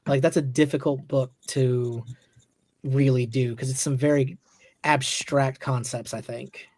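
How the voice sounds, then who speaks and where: A man's voice: mid-range voice, steady tone, unhurried, darkish tone, dry recording. A man talking casually in a book discussion, opinionated and blunt, sometimes swearing. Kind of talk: casual book club chat.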